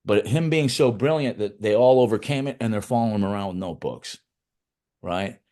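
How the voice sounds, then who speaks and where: Low-voiced middle-aged man telling stories. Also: fairly quick, dark tone. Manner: loose, profane, anecdotal with restarts. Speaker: film writer and director. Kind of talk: casual interview storytelling.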